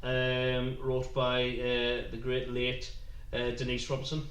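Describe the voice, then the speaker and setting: A man's voice: mid-range voice, takes it slowly. A man in his thirties from North East England chats casually about his early days on stage. He tells his stories with animation, acting out bits as he goes. The room around him is echoey. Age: 30s. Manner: animated storytelling, acts out rhymes. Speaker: actor guest. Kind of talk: casual chat.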